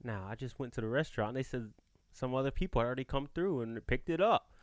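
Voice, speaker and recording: A man hosting a podcast, telling a story in casual chat with a playful, animated delivery. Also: medium pitch, fast, no echo. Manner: animated, playful, slips into quoted voices. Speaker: podcast host.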